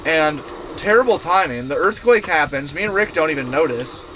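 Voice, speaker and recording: Man, streamer, casual storytelling, swears a lot, rambling, slightly high voice, faint background hiss. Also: normal speed. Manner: profane, animated, rambling with many fillers. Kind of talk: casual storytelling to a live chat. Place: inside his camper van.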